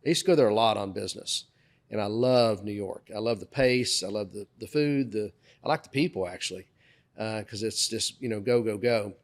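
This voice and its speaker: A man's voice: on the low side, a little fast. A middle-aged man co-hosting a podcast, telling a story in casual conversation and acting out the dialogue. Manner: animated anecdote teller, acts out dialogue. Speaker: podcast co-host.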